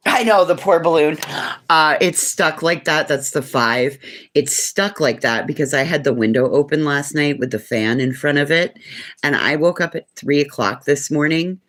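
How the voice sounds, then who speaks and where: A woman's voice: low-pitched, normal speed, fairly bright tone. A woman chatting casually and frankly with live viewers from her home, swearing freely as she rambles. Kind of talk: casual livestream chat. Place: at home indoors, living room.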